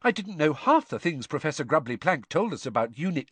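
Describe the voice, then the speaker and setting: A man doing an earnest, bright teen witch girl. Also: fairly high pitch, sing-song, brisk, slightly rough, no echo, pitched above the performer's own voice, exaggerated voice. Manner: earnest, anxious.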